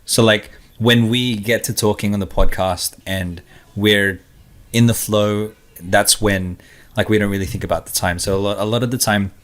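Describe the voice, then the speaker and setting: Low-voiced, reflective podcast co-host man. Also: steady tone, moderate pace, fairly bright tone. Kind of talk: casual podcast chat.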